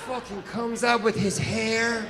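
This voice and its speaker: A man doing stand-up, telling a story in an animated, profane way and acting out scenes on stage. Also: very high voice, unhurried, background noise. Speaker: stand-up comedian. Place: stage in a large hall. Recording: echoey hall with reverb.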